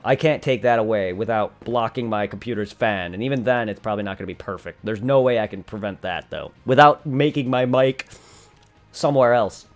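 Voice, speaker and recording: A man's voice: lowish voice, brisk, soft background music. A man casually talking through his streaming setup, rambling and restarting mid-word, recorded on a condenser desk mic at home. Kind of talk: casual tech talk. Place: home room by a humming computer.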